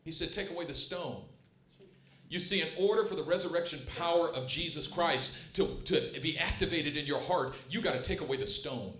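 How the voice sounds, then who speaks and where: A man preaching a sermon with passion, swinging between hushed, tender lines and loud, emphatic ones. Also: fairly high pitch, a little fast. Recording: roomy echo.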